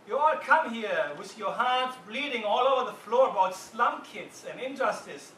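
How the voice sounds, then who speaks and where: A man reading out and voicing a furious, bullying male juror who shouts down the others. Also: extremely high pitch, lively intonation, normal speed, slight background noise, voice pushed up, exaggerated voice. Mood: enraged. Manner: shouting, loud and heated. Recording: roomy hall from far off.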